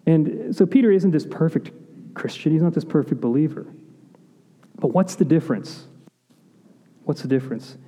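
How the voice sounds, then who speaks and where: A man delivers a sermon in an earnest, questioning style, often lowering his voice for quiet intensity. His voice sits a little high yet sounds mellow and soft-edged. The church hall adds a long reverb tail. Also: lively intonation, moderate pace. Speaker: pastor.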